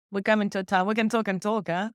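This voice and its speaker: A woman's voice: mid-range voice, steady tone, normal speed, smooth, no echo, clean studio sound. A woman hosting an interview in a casual, affirming way, who laughs often. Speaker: podcast host.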